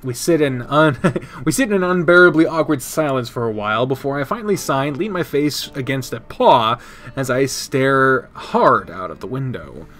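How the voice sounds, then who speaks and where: A man's voice: mid-range voice, animated, normal speed, a bit bright. Casual swearing male streamer reading aloud. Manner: casual, swears, chats with viewers between read lines. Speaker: streamer playing a visual novel. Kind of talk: live stream chat and reading game text aloud.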